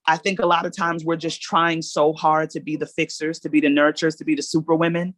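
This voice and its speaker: A woman's voice: low voice, flat delivery, brisk, few pauses, dry recording. A woman guest on a podcast, telling her own story candidly in long, earnest reflections.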